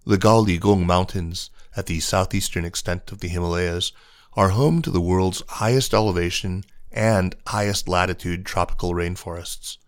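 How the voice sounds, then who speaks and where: A man giving a scripted news feature narration in an even, measured reading. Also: low-pitched, no echo, studio quality.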